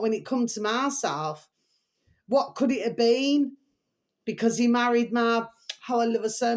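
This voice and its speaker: Older woman, vlogger, rambling, emotional, repetitive pet phrases. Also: medium pitch. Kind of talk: rambling personal storytelling to camera.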